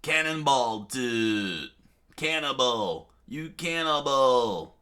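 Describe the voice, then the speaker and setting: A man's voice: lowish voice, slow, bright, forceful tone. A man doing a laid-back carefree young pirate. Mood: easygoing. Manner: laid-back, says dude a lot.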